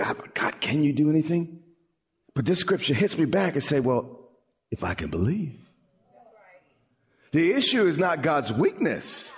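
Delivering a sermon, a male pastor uses a theatrical style, sinking into low, quiet passages and then rising to high, pleading ones.

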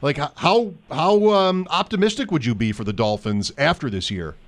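A man's voice: on the high side, expressive, moderate pace. Chatty sports radio host, a man.

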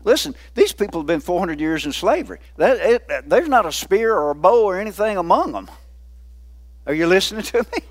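A man's voice: sits high, sing-song, a little fast. A man preaching a sermon in a folksy, conversational way, often putting questions to the congregation. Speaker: pastor.

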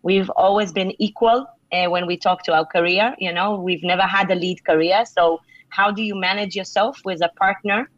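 A woman's voice: medium pitch, steady tone, moderate pace, no room sound. Earnest woman author giving advice. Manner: earnest, conversational, many "you know" fillers. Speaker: author and leadership speaker. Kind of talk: interview answers, motivational advice. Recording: dull lo-fi sound.

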